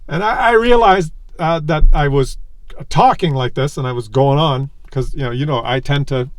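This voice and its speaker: A man tells a rambling, animated story from his parked car, chuckling as he digresses. His voice sits a bit high for a man. The sound is dry and close, with no room echo. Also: normal speed. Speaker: vlogger.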